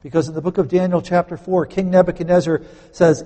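A man preaching a sermon, emphatic, swinging between loud stresses and quiet conversational asides. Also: high voice, fairly even intonation, fast, hardly any pauses. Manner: conversational, explains grammar with homely examples. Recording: echoey hall.

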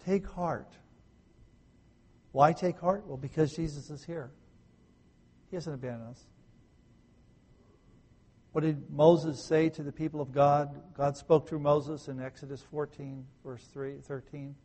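A male pastor preaching a sermon, asking his listeners questions and swinging from loud emphasis to hushed, soft tones. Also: on the high side, fairly even intonation, measured pace, long pauses, slightly rough. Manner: asks the listeners rhetorical questions.

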